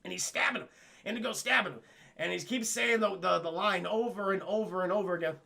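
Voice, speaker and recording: A young man rattles through a movie's plot for his live chat, swearing constantly and jumping into quick voices for the characters. His voice sits high and bright with a gravelly edge. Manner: animated, swears a lot, acts out lines in quick put-on voices. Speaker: streamer recapping a film. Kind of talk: profane comic film recap to live chat.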